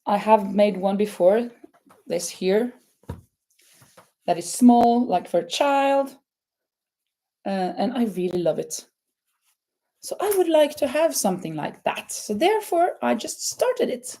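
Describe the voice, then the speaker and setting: A woman from Norway with a Norwegian accent, hosting a casual live crochet chat in a halting way, with many fillers and restarts. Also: a little high, lively intonation, dark tone. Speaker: crochet channel host.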